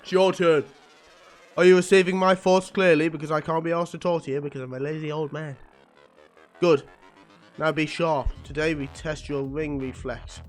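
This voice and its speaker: A man's voice: on the high side, fairly even intonation, normal speed, soft background music, lightly acted. A man reading a comic aloud, voicing a stern old male telepathic professor who drills his students. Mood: commanding. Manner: commanding, drilling.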